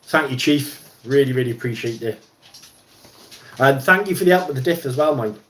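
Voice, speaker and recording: A man's voice: medium pitch, animated, moderate pace, a bit bright, roomy sound. A man hosting a casual livestream while fixing an RC car at his bench, rambling with lots of ums and restarts. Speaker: livestream host. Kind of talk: casual chat while wrenching.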